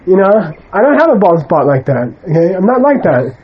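A man with a slightly higher-than-usual voice lectures students in a conversational way. He is emphatic and blunt as he brushes aside wrong ideas. He keeps checking in with his listeners with a quick "okay?". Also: sing-song, lo-fi sound. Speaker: Buddhist teacher.

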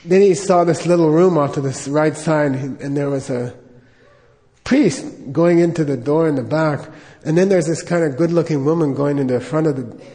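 A Buddhist teacher talks in a loose, joking way, leading chants and telling stories with a fairly high voice. His words ring with a long reverb from a large hall. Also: normal speed, mellow. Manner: chatty, joking, leads chanting. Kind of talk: dharma talk with storytelling.

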